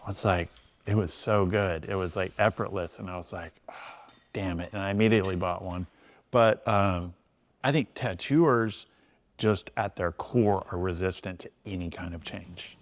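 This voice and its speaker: A man's voice: low-pitched, normal speed. A middle-aged man, a tattoo artist and shop owner, talking loosely and casually in a podcast conversation, full of "you know". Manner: laid-back, loose storytelling with frequent "you know".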